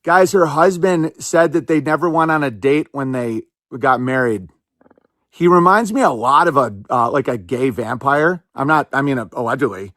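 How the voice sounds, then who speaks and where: A man hosting a podcast, talking in casual, sarcastic commentary with quick bursts and lots of "like". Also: medium pitch, fairly bright tone, no echo, studio quality. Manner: rapid, sarcastic, fillers of "like". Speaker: podcast host.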